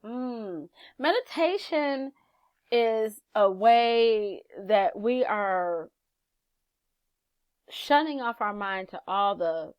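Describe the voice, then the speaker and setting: A woman hosting a motivational channel, talking casually to camera, chatty and animated, acting out little quotes as she teaches. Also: on the high side, very slow, no room sound, highs cut off. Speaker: channel host, life coach.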